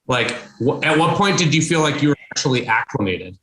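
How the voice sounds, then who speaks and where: A man's voice: medium pitch, expressive, brisk, few pauses, fairly bright tone, slight background noise. A male podcast host asking friendly, teasing follow-up questions in casual chat. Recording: roomy echo.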